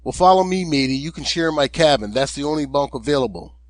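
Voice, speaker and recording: A man voicing a stocky, friendly boatswain with a Cockney accent in an audiobook, speaking in a brisk, friendly way. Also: on the high side, lively intonation, no echo, natural voice.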